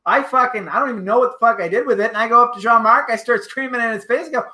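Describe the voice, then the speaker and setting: A man with a bright, sharp voice hosts a loose podcast chat, telling his story with plenty of swearing and acting out each person's lines. His voice rings with the echo of a bare room. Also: extremely high pitch, racing. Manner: animated, profane storytelling with acted-out quotes. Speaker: podcast host. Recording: echoey room.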